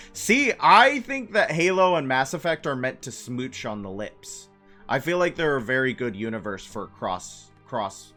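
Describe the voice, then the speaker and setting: A man chats casually while streaming a game, rambling from one topic to the next with quick, excitable asides. His pitch sits in the middle and moves in lively swings, with sudden squeaky outbursts. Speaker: gaming streamer. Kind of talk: casual gameplay chat.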